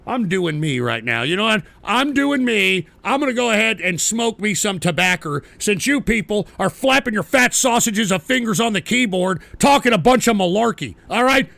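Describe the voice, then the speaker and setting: A man with a high, gravelly voice hosts a live-streamed political talk show. He swears freely and rants at chat trolls, lurching between shouting and low muttered grumbles. His tone is bright and sharp, and the sound is close and dry. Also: expressive, normal speed, few pauses, dry recording.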